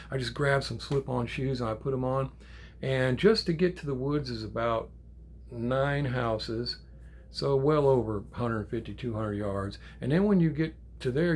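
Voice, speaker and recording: An older man, a grandfather, telling a story in a casual, animated way, with swearing and acted-out quotes. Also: mid-range voice. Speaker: channel host.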